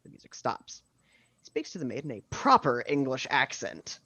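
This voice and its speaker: A man narrating the stage directions of a screenplay at a casual video-call table read, with steady reading and dry asides. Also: medium pitch, normal speed, husky, no room sound.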